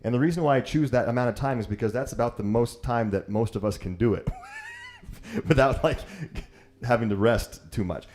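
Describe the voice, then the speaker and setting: A man's voice: mid-range voice, normal speed, a little mellow. A man teaching yoga, guiding a breathwork class in an easygoing, joking and encouraging way.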